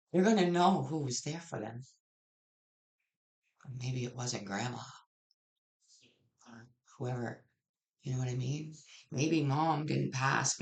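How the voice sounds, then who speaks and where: A tarot reader delivers a general reading in a loose, conversational way. The talk is plain-spoken and blunt, with casual cursing and sentences that restart and wander. The voice sits at an ordinary middle pitch. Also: vocal fry. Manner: blunt, frank, swears casually; rambling with frequent restarts.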